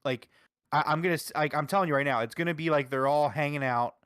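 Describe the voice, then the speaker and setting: A man's voice: fairly high pitch, fast, fairly bright tone, clear, resonant tone, no room sound, clean studio sound. A man co-hosting a casual wrestling review chat, arguing his point emphatically and packing his talk with "like". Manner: emphatic, argumentative, heavy use of "like". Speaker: podcast co-host.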